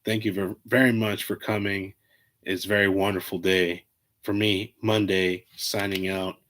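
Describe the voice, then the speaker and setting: A man hosting his own podcast, rambling in a loose, excitable, heavily profane way. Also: moderate pace. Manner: rambling, profane, excitable, fillers like "boom" and "freaking". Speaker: podcast host. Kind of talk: casual solo podcast rant.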